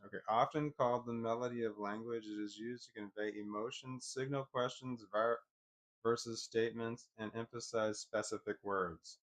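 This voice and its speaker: A man talking to himself as he reads, stopping to repeat words and mock his own confusion. His pitch sits in an ordinary middle range, and the delivery is loose and unscripted. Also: fairly even intonation. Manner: rambling, self-deprecating, reads text aloud haltingly. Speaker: vlogger. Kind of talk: casual thinking aloud while reading.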